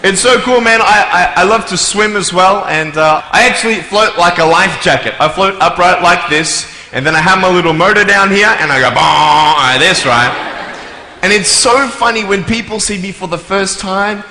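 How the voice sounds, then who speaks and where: A man's voice: high-pitched, moderate pace, bright, forceful tone, slight background noise. Joking man in an echoey hall. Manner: joking, playful, acts out voices and sounds. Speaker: motivational speaker. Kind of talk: humorous live talk to an audience. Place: large hall before a live audience. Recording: echoey hall, long reverb, faint ambience.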